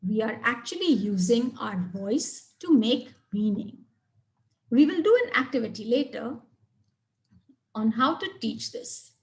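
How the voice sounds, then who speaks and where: Presenting a webinar lecture about reading fluency, a woman with an expressive, somewhat high voice speaks in a clear, measured manner. She emphasizes particular words in her sample sentences.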